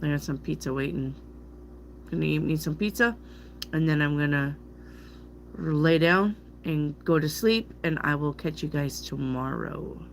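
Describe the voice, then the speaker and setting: A woman's voice: sits low, a little slow, a little hiss or hum. A woman tarot reader chatting casually with her viewers on a stream, bawdy and joking, laughing often. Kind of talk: casual live-stream chat.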